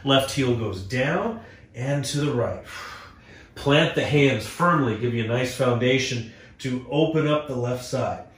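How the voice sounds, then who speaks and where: A man's voice: medium pitch, unhurried, roomy sound. A man teaching a guided yoga class, cueing breath and poses and joking between them. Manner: playful, cues breathing and poses. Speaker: yoga instructor. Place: indoor room before a green screen.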